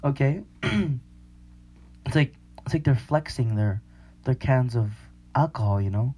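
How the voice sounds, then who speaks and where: A man's voice: medium pitch, expressive, a little slow, long pauses, warm tone, husky. A young man hosting a podcast in casual chat, slangy and rambling, often laughing. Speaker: podcast host.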